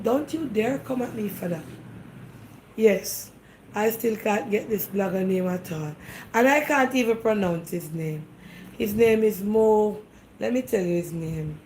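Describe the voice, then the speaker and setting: A woman with a Jamaican accent hosts a casual talk show, addressing viewers directly in an insistent, defensive way and peppering them with rhetorical questions. Her medium-pitched voice is darkish, and the low-quality recording carries a faint hiss or hum.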